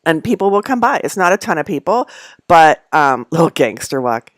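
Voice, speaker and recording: Woman host, middle-aged, rambling live-stream chat, quick laughs, dry sound. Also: deep voice, very animated, no echo. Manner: rambling, chatty, laughs often between asides. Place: at home among packed belongings.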